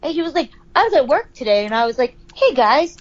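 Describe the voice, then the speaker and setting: A woman's voice: sits high, very animated, rapid-fire. A woman co-hosting a podcast in casual chat, giggly and chatty. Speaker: podcast co-host. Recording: slightly dull lo-fi sound.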